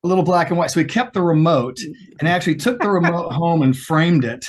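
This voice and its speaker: Man guest on a video call, rambling animated storyteller, slightly higher voice. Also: a little fast. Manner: animated storyteller, acts out quoted lines with a higher pitch. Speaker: guest guitarist. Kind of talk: storytelling in an interview.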